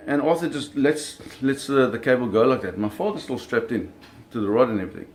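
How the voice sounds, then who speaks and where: A man with a medium-pitched voice talks briskly, with hardly any pauses, as he tells a personal story about hunting sharks. The casual anecdote is vivid and full of acted-out sounds, frequent self-corrections, and repeated words.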